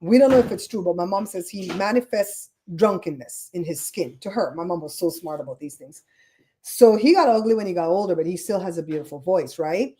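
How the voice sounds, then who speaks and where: Caribbean-accented woman host, animated casual chat, warm mellow tone. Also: lowish voice, fairly quick. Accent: Caribbean English. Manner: chatty, animated storyteller, fussy about grammar. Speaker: podcast host. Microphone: streaming setup microphone.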